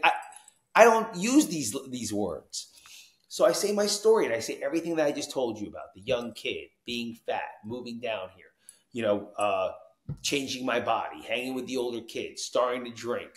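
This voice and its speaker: An animated man from New Jersey tells a personal story as a podcast guest and acts out each voice in it. His pitch sits in the middle, and the room gives his voice a noticeable echo. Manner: animated, acts out quoted dialogue, frequent "you know what I mean". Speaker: podcast guest, recovery coach. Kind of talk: storytelling in conversation.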